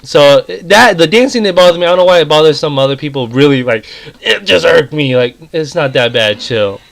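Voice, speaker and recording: A man's voice: a little high, lively intonation, fairly quick, gravelly, a bit bright, poor audio. A man vlogging a casual, rambling movie review that turns into a heated, profane rant. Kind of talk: casual ranting film review.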